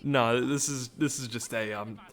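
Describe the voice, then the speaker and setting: A man's voice: mid-range voice, fairly even intonation, measured pace, fairly bright tone. Rambling, joking gaming commentator man. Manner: rambling, joking, self-interrupting. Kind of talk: casual let's-play commentary.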